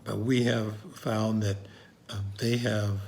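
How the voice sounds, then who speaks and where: An easygoing man co-hosting a podcast, with a somewhat low voice. He talks at an unhurried conversational pace, drops in dry jokes and uses frequent uhs. Faint noise runs under the recording. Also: flat delivery, darkish tone. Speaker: podcast co-host. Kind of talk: casual podcast chat.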